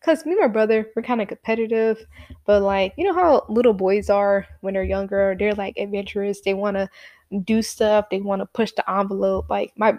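A woman's voice: mid-range voice, steady tone, fairly quick, darkish tone, no room sound. A woman casually telling a personal story in a chatty, rambling way, acting out what people said. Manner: chatty, rambling, acts out quotes.

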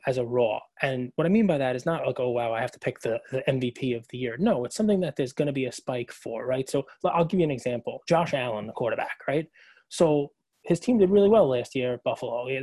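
A podcast co-host with a mid-range, mellow voice tells a long story at a brisk pace during casual chat, and the recording is dry. His storytelling rambles, heavy with fillers and restarts.

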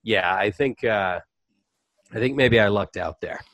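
A man's voice: on the low side, measured pace, no room sound. Chatty middle-aged man telling stories. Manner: animated, chatty anecdotes with frequent fillers. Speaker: voice actor and comedian, guest. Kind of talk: casual interview storytelling.

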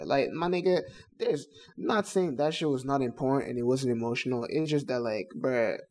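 A man's voice: mid-range voice, brisk, few pauses, darkish tone. Blunt slangy young man chatting. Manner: blunt, slangy, repeats phrases. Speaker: podcast co-host. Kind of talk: casual podcast chat.

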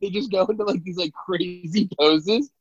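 A man's voice: high-pitched, moderate pace, dull audio, a loud crowd. A man in casual podcast chat who rambles with many fillers, swears freely and laughs often.

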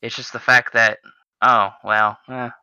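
A young man with a very sharp, bright tone and a mid pitch rambles through his thoughts, hesitating and restarting. His voice sounds dry and close. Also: flat delivery, a little slow, smooth, dry recording, lo-fi sound. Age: young adult. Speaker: podcast co-host. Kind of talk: casual chat.

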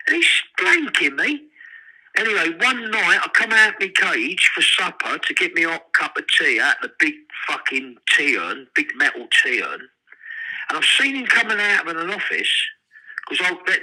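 An older man, telling profane, animated prison stories in an interview. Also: a little high, poor audio. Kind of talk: storytelling.

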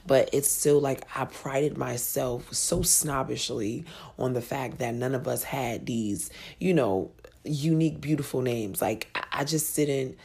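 A woman's voice: extremely low pitch, a little mellow, husky. A woman in her thirties hosting a podcast, telling a personal story in a frank, profane way and laughing easily. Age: 30s. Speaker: podcast host.

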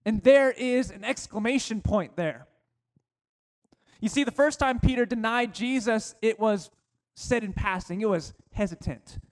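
A male pastor preaching a sermon, slowing down to stress key phrases. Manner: preaching with slowed, emphatic phrases and dropping to a low voice for quotes.

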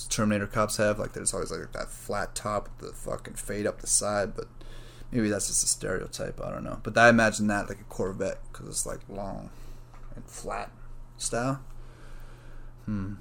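A man with a slightly low voice talks alone on his podcast, drifting from one idea to the next. He swears freely, piles on filler words and figures things out as he goes. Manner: rambling, profane, thinks out loud. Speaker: podcast host. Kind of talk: casual solo podcast rambling.

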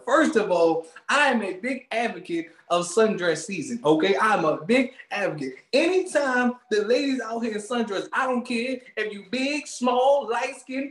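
A man co-hosting a podcast, ranting loudly with swearing and frequent laughter, speaking. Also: very high voice, roomy sound. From Maryland, USA. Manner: loud, animated, swearing, laughing often. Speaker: podcast co-host. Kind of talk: casual comedic rant.

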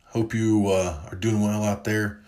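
A man's voice: lowish voice, measured pace. A man in his forties co-hosting a podcast, chatting casually and rambling with fillers. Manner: relaxed, rambling, with fillers and self-corrections. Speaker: podcast co-host. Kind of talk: casual conversational podcast chat. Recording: roomy echo.

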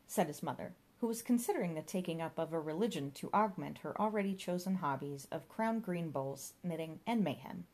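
A woman's voice: sits low, lively intonation, normal speed, darkish tone. A woman narrating a comic audiobook in a dry storytelling manner.

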